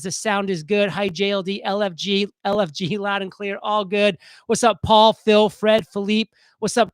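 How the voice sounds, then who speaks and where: A man hosting a casual live stream, talking fast and excitedly as he reads viewer comments aloud. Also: sits high, smooth, no echo, rough recording.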